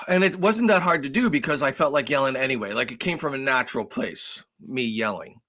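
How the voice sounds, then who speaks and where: Bright, animated podcast co-host, man. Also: mid-range voice, a little fast. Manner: animated, profane, acts out raised voices. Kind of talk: casual storytelling.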